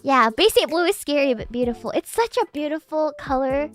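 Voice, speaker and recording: A woman streamer chatting casually with her viewers, giggly and animated, with sudden excited outbursts. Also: high-pitched, fairly quick, soft background music. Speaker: VTuber streamer. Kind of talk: casual livestream chat with viewers.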